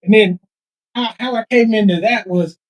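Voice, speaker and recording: A man's voice: high voice, normal speed, low-quality recording. A man who sells a street paper, chatting in an interview with lots of repeated words. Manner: rambling, repeats words, raps and beatboxes. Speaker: street paper vendor and rapper. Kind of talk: casual interview chat. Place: live event at a nonprofit office.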